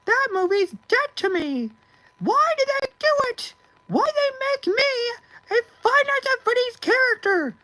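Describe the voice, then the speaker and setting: A young male streamer voicing a distraught, squeaky male cartoon mouse who rants melodramatically and sounds close to tears. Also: big pitch swings, measured pace, pushed and bright, heavily acted, poor audio. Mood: anguished. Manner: wailing, melodramatic, near tears. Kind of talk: livestream rant in character.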